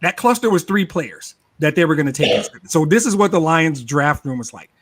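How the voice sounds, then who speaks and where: Animated man talking football. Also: fairly high pitch, normal speed. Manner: animated, repeats words, laughs often. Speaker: sports talk show regular. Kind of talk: casual sports podcast chat.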